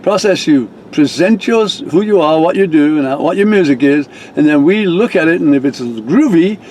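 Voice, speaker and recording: Man doing a bossy, shrill woman staffer, high and officious, rule-bound. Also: expressive, moderate pace, a little mellow, a little hiss or hum, lightly acted. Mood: lecturing. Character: stern female activities staffer, officious.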